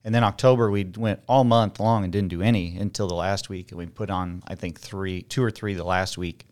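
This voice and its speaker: A man's voice: low voice, steady tone, fairly quick, darkish tone. A man who works as a real estate agent, speaking candidly and with animation about his work in a casual conversation. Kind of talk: casual interview chat.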